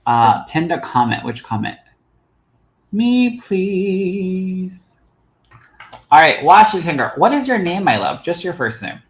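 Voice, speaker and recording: Animated man giving live psychic readings. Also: fairly high pitch, brisk, few pauses, echoey room, low-quality recording. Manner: animated, affectionate, calls viewers "my love". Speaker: psychic medium host. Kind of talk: livestream card readings for viewers.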